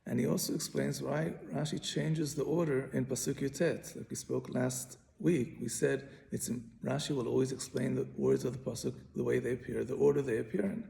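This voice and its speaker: A man's voice: mid-range voice, steady tone, brisk, vocal fry, hardly any pauses, dark tone, slight background noise. A man teaching a Bible commentary lesson, patiently explaining and often repeating and restarting his phrases. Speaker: Torah teacher.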